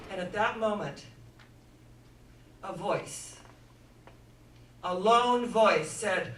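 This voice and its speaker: A woman giving an inspirational sermon-style talk, telling stories dramatically and swinging from hushed to loud. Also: mid-range voice, slow pace, long pauses. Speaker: inspirational speaker. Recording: echoey room, voice from far off.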